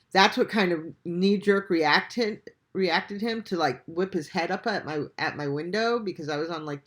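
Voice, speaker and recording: Man, reaction host, spins a casual story with animated swearing and frequent laughs. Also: on the high side.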